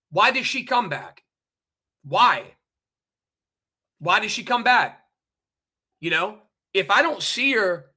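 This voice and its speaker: In an angry livestream monologue, a man with a high-pitched, sharp voice rants straight at his chat. He's heated, profane, and repetitive, pushing his listeners with rhetorical questions.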